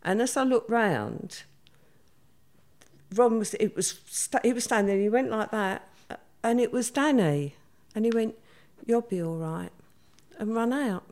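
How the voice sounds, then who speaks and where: A middle-aged woman, telling a past event in a vivid, hurried way and quoting others as she goes. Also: on the high side, expressive, a little mellow. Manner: vivid, hurried retelling with many quoted voices. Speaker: interviewee. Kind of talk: conversational storytelling.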